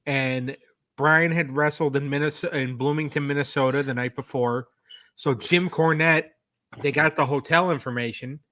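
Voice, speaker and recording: A man's voice: on the high side, steady tone, normal speed, pushed and bright, no echo. A man co-hosting a casual wrestling review podcast, telling a backstage story in a loose, rambling way and acting out the quotes. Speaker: podcast co-host.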